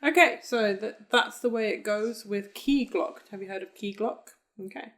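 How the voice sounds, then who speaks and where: A woman's voice: medium pitch, normal speed, a bit bright. A young woman co-hosting a casual music reaction chat, talking things through and asking lots of questions. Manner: chatty, asks many questions, thinks aloud. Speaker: co-host reacting to an album.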